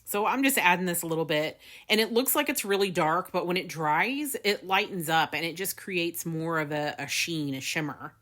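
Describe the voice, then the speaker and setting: Woman, craft tutorial host, low-ish voice, casual and rambling with fillers. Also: normal speed, few pauses, fairly bright tone. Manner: chatty, laughs often, many fillers.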